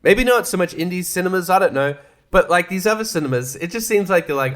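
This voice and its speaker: A man's voice: high-pitched, expressive, quick pace, fairly bright tone. A young man hosting a casual solo podcast, rambling, swearing a lot and laughing often. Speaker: podcast host.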